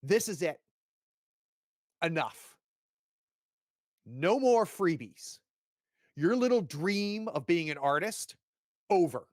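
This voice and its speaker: A man's voice: mid-range voice, expressive, unhurried, long pauses, no room sound, clean studio sound. A man voicing a domineering, wealthy older father who barks cold threats at his son, in a tabletop horror game. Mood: furious. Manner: cold, commanding, shouting threats.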